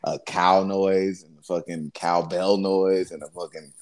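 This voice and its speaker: A man's voice: deep voice, measured pace. A man co-hosting a casual podcast chat, telling stories animatedly and acting out voices from prank calls. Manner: animated storyteller, acts out prank-call voices. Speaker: podcast co-host.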